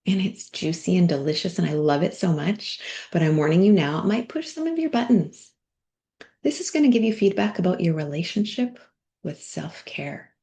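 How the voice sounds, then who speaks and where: A middle-aged woman coach leading a guided body practice in a workshop, speaking gently with soft, near-whispered asides. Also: lowish voice, animated, normal speed.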